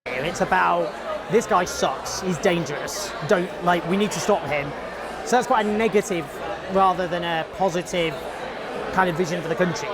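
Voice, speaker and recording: A man's voice: sits high, moderate pace. A man conducting a street interview, asking probing questions. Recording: street interview with a crowd behind.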